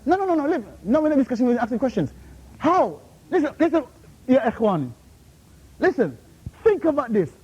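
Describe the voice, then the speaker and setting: Man, very high voice, rapid-fire scolding rebuttal at a university talk; muffled recording. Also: sing-song, a little mellow, slightly rough. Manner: confrontational, repeatedly demands "Huh? How?"; scolding, drops Arabic terms into English. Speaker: invited Islamic speaker. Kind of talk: heated Q&A rebuttal. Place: university lecture room.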